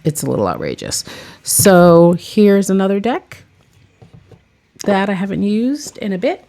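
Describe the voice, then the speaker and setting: Talking about her tarot decks, this vlogger and tarot reader rambles in a chatty way, dropping "like" often. Her mid-range voice is mellow and sing-song, unfolding at a measured pace.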